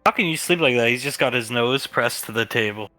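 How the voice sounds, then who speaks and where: A man's voice: mid-range voice, a little fast, pushed and bright, soft background music. A man running a live-streamed tabletop role-play as game master, wry as he narrates the characters' actions.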